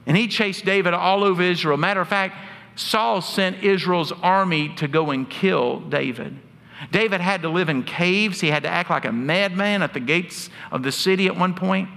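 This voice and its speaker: Bright-toned preacher in a reverberant hall. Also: male voice, high-pitched, moderate pace, creaky. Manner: earnest storytelling preacher with asides of humor. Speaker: pastor. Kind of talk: sermon.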